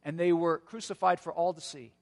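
A male pastor giving a sermon in an earnest storytelling manner, with a touch of gentle humor. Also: a little high, fairly even intonation, a little fast, gravelly, big-room sound.

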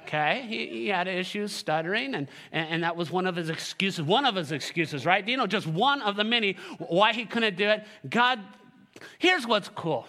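A male pastor preaching a sermon, animated and joking, with sarcastic asides, reading scripture aloud and leading the congregation. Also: sits high, moderate pace.

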